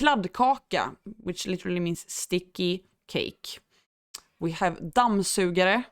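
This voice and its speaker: A woman from Sweden explains words and customs to beginners at an easy, unhurried pace. Her voice is smooth and clear, sitting a little on the lower side, recorded dry and close. She talks thoughtfully, with small pauses and fillers. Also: no echo. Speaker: language teacher. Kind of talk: explaining language and culture.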